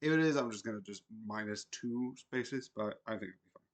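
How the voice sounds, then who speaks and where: A man's voice: lowish voice, a little fast. A man from Britain, streaming a casual, rambling anime review full of fillers and self-corrections.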